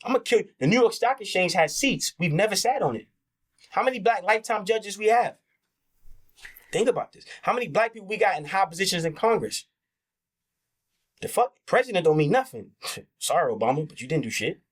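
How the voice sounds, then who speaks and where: A man's voice: high voice, lively intonation, fairly quick, long pauses, husky. A man talking as an interview guest in a heated, candid conversation, impassioned and profane, acting out the voices he quotes.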